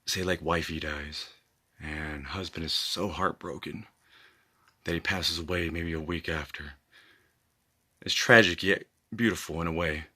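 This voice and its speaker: A man's voice: rumbling low, steady tone, unhurried, pauses often, bright, forceful tone, slightly rough. A man telling a casual story in a rambling, incredulous way, full of fillers and swearing.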